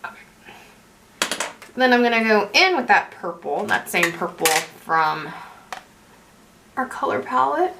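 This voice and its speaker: A woman's voice: medium pitch, creaky, fairly bright tone, a little hiss or hum. A young woman chatting casually through a makeup tutorial, rambling and correcting herself as she goes. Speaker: beauty vlogger.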